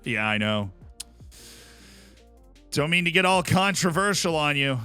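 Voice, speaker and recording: A man's voice: fairly high pitch, animated, unhurried, bright, forceful tone, clear, resonant tone, faint music behind. A man streaming a sports management game, chatting wryly with his viewers. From Tampa, Florida. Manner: wry, chatty, talks to chat. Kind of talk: casual game commentary.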